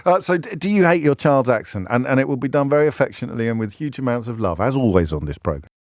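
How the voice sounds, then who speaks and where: A man's voice: mid-range voice, expressive, quick pace. A middle-aged man hosting a radio phone-in, chatty and teasing, talking in a radio studio. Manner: chatty, teasing, self-mocking.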